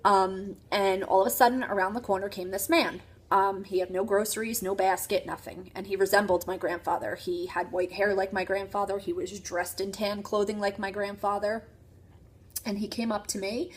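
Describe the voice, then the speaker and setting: Husky-voiced woman in her thirties. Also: medium pitch. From New Jersey, USA. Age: 30s. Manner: earnest, halting with many ums and restarts. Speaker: storyteller. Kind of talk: personal storytelling to camera.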